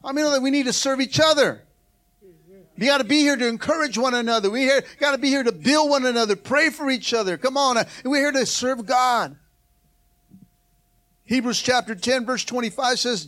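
High-voiced male preacher. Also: normal speed. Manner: animated preaching, calls of come on and hallelujah. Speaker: pastor. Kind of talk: sermon.

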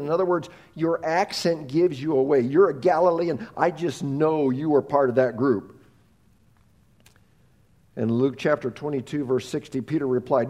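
Animated man preaching a sermon. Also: fairly high pitch. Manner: animated storytelling, acts out dialogue, repeats words. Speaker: pastor.

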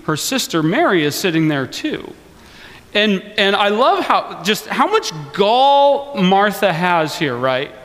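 A man preaching a sermon in a casual, joking way. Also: high voice. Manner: conversational and joking, animated. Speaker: pastor. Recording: long reverb of a large hall.

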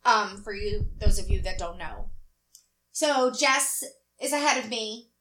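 A woman telling a story in casual chat, animated and profane, acting out what people said. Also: medium pitch, unhurried. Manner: animated, profane storyteller who acts out quotes. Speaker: podcast co-host.

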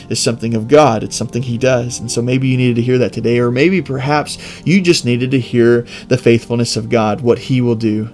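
Devotional host, male, mid-pitched, earnest and emphatic, faint music underneath. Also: darkish tone. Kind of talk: Bible reading and devotional reflection.

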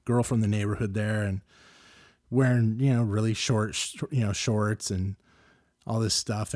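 A middle-aged man hosting a podcast, telling a story casually and getting animated and louder as he gets worked up. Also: fairly low pitch, dry recording, studio quality. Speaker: podcast host.

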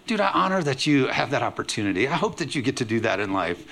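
A man pastor preaching a lively sermon, acting out quoted voices with humor. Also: mid-range voice, fast talker, creaky.

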